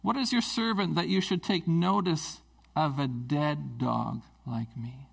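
A man voicing a humble crippled man who speaks low, quiet and slow. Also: vocal fry, husky, full character voice. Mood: abased. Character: humble crippled man, adult, meek and self-abasing.

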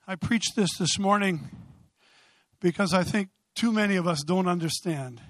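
A man preaches with fiery conviction, his voice sitting unusually high. He swells to loud exclamations and then pulls back. The sound is dry and close, with no room around it. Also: moderate pace, dry recording. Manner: impassioned, rising to loud exclamations. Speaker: pastor. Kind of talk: sermon.

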